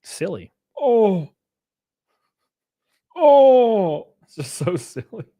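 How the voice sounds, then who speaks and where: On his own livestream, a fairly high-voiced man speaks at a normal speed and sounds animated. He rambles and swears his way through a casual rant, shifting from loud outbursts to quiet muttering and chuckling frequently.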